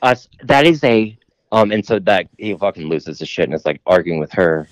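A man's voice: deep voice, expressive, normal speed, dry recording. A man telling a long rambling story in casual podcast chat, full of "like" and casual swearing.

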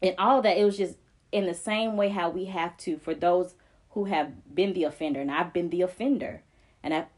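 A woman's voice: lowish voice, normal speed. A woman co-hosting a faith podcast, speaking earnestly and emphatically, with repeated phrases that build like preaching. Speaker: podcast co-host.

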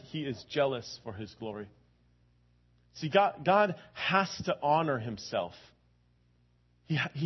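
A man's voice: medium pitch, very animated, takes it slowly, pauses often, husky, dull audio. A man giving a sermon, telling a story in a conversational way with many repeated words and building to fervent emphasis. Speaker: preacher.

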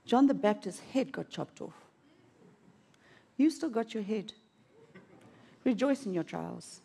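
A woman's voice: mid-range voice, expressive, slow pace, creaky, dark tone. A woman preaching a sermon in an auditorium, telling a personal story with dramatic swings of emotion.

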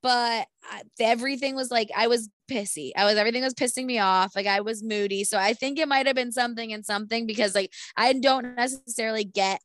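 A woman's voice: fairly high pitch, fast, few pauses, fairly bright tone. A young woman co-hosting a podcast in casual chat, chatty and swearing casually. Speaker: podcast co-host.

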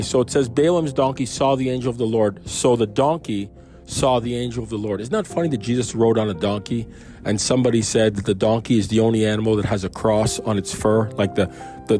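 A man's voice: fairly low pitch, warm tone. A man reading a Bible passage aloud and breaking off into chatty, musing asides with restarts. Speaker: Bible reader and commentator. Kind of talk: casual Bible reading with commentary.

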